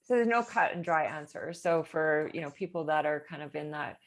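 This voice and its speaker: A woman's voice: sits low, lively intonation, a little fast. A woman chatting casually in a rambling way, with many fillers and nervous laughter. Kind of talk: casual chat.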